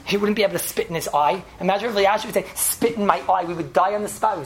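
A man's voice: sits high, fast, few pauses, fairly bright tone, slight background noise. A man teaching a Talmud class, telling the story animatedly and repeating himself, with Yiddish and Hebrew terms mixed in. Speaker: Torah teacher.

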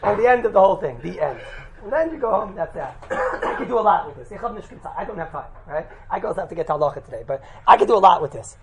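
A man teaching a religious class, telling a lively anecdote with laughs and quick "right?" asides, mixing in Yiddish and Hebrew terms. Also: high-pitched, low-quality recording. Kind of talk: animated storytelling talk to a group.

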